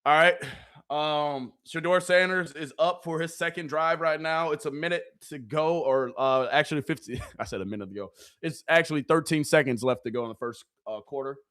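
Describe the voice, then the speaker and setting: Excitable man streaming game commentary. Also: a little high, normal speed. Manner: excitable, talks to the chat, laughs often. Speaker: streamer hosting a watch party. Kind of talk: live fan commentary on a game.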